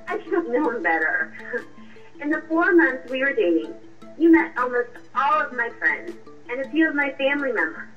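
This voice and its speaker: A woman voicing a sharp, confrontational young girlfriend in a radio drama, with a cutting, accusing way of talking. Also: high-pitched. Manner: cutting, accusing, coolly triumphant. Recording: muffled distant voice with music.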